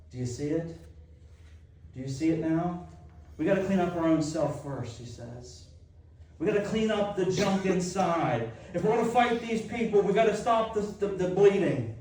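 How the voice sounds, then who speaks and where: A man delivers a sermon, voice placed somewhat high for a man. He retells scripture with drama, voicing each speaker in turn. The sound comes from a distance in a heavily echoing church. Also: a little mellow. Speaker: preacher. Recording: very echoey hall, heard from a distance.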